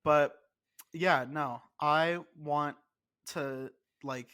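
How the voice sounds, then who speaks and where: A man's voice: fairly high pitch, fairly even intonation, extremely slow, bright, forceful tone, clean tone. A congested man co-hosting a podcast in casual chat, ranting and swearing with mock indignation. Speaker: podcast co-host.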